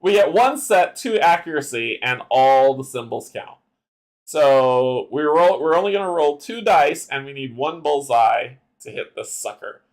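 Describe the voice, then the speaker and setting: A man's voice: mid-range voice, expressive, a little slow. A man casually playing a solo card game adventure, thinking aloud and laughing often. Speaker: game player.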